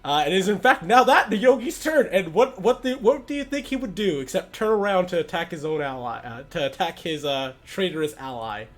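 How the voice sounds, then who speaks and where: A man's voice: sits high, expressive, brisk, few pauses. A man acting as game master, easygoing in his rulings and dramatic when he narrates the action.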